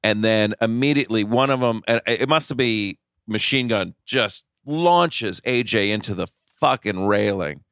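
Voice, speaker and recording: A man co-hosting a casual podcast chat who tells excitable, rambling stories and often laughs. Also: lowish voice, unhurried, few pauses, clean tone, no echo, clean studio sound. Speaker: podcast co-host.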